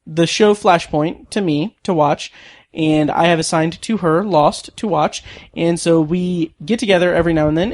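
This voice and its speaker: A woman's voice: on the low side, darkish tone. A woman co-hosting a podcast, chatting casually about TV shows with many fillers and frequent laughs. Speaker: podcast co-host. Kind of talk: casual chat and show review.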